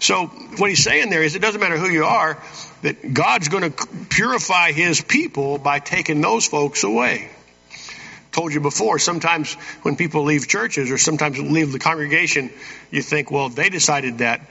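A man's voice: on the high side, moderate pace, vocal fry, bright, forceful tone, breathy edge. A man preaching a sermon in a church, reading verses and asking the congregation "Amen?" between points. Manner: folksy preaching with frequent "Amen?" asides. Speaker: pastor. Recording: dull reverberant church hall sound.

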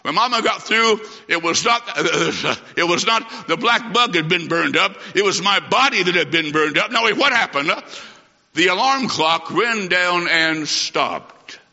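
A man's voice: high voice, lively intonation, unhurried, sharp tone. A middle-aged man preaching a sermon, telling a childhood story with emphatic, repeated phrases. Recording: dull recording in a reverberant hall.

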